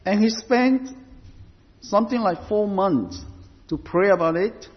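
A man preaching a sermon as pastor, deliberate and emphatic, stressing points through repetition. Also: sits high. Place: church. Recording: reverberant hall, dull lo-fi sound.

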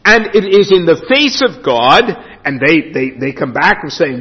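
High, lively preacher in echoey hall. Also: male voice, breathy edge. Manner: emphatic preaching with dramatic pauses. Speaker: pastor. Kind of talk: sermon. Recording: dull lo-fi sound with long hall reverb.

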